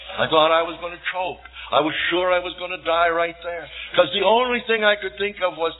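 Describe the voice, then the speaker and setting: A man's voice: sits high, fairly even intonation, brisk. Older man preaching on a tinny tape. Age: about 70. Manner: homespun, self-deprecating humor, builds to fervent appeals. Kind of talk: sermon, folksy storytelling and exhortation. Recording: tinny phone-like archive sermon tape.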